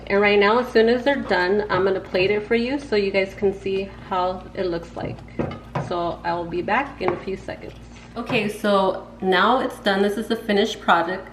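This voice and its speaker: A woman's voice: medium pitch, normal speed. A woman hosting a casual cooking vlog from her home kitchen, chatty and slangy, talking straight to her viewers. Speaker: home cook host. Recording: echoey room with background noise.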